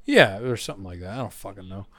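A man telling a crude, animated story in casual chat, swearing a lot. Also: low-pitched, fast, a crowd in the background.

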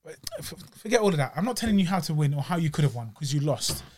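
London guy on a podcast, kinda high voice, animated and critical, lots of bruv. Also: quick pace, a little hiss or hum. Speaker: podcast co-host. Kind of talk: casual chat.

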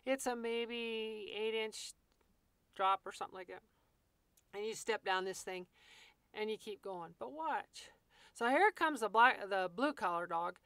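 A woman's voice: mid-range voice, a little slow, a bit bright, smooth, dry recording. A woman walking listeners through a scene step by step in a vivid, folksy teaching manner, speaking to them as "you". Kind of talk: guided walkthrough talk.

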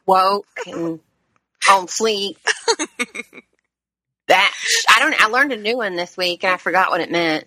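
Podcast co-host, woman, casual and profane, bright voice, dry close sound. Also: mid-range voice, lively intonation, unhurried, long pauses, no echo. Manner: chatty, swearing, laughs often. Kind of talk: casual chat.

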